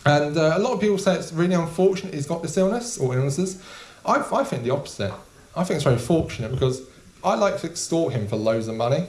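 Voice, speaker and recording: A young man doing a stand-up comedy set in a small club, deadpan and casual with frequent ums. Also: fairly high pitch, quick pace, hardly any pauses. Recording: echoey room.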